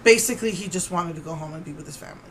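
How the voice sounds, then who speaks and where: A woman's voice: deep voice, racing, a little hiss or hum, rough recording. A woman vlogger telling a story to camera in an indignant, rambling way with many restarts.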